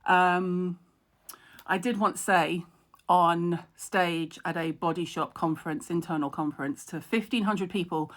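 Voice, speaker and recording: Frank, chatty middle-aged woman, lowish voice. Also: steady tone, measured pace. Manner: chatty, frank and self-mocking, laughs a lot; reads out and answers viewer comments. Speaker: skincare expert hosting a live stream. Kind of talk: casual live-stream chat.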